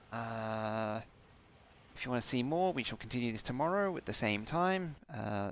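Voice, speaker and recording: Streamer, young man, low gravelly voice, sleepy and rambling. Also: a bit bright, no echo. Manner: rambling, with frequent ums. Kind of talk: casual gameplay stream commentary.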